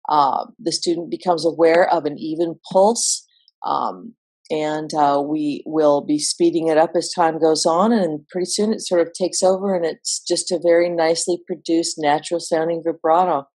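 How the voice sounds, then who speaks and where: A woman vocal coach explaining singing exercises in a relaxed, instructional way. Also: sits low, moderate pace. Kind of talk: instructional voice lesson.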